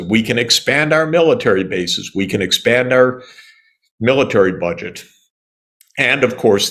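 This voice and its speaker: An older American man, an economist appearing as an interview guest, answers the interviewer emphatically and with indignation, throwing in sarcastic asides. His voice is lowish with a fairly bright tone, and he coughs now and then.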